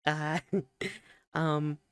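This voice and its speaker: A woman's voice: deep voice, flat delivery, extremely slow, smooth, dry recording. A woman streamer chatting casually to her viewers in a playful, giggly, self-deprecating way, on a close mic. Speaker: VTuber streamer. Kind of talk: casual chat to camera.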